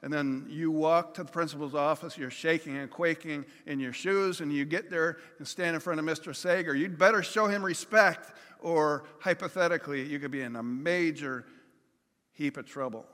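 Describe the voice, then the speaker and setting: A man's voice: a little high, normal speed, fairly bright tone. A man preaching a conversational sermon, with everyday examples and acted-out pleas. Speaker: pastor. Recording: long hall reverb.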